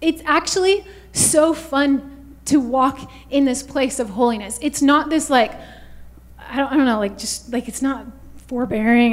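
Fervent high-voiced woman preaching. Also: moderate pace. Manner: fervent, repeats "you guys" and "hallelujah". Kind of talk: sermon.

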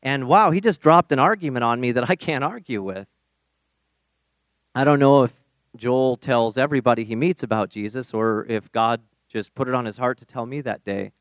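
A man telling a personal testimony on stage in an animated, self-deprecating way. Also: medium pitch, moderate pace, no room sound, studio quality. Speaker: storyteller.

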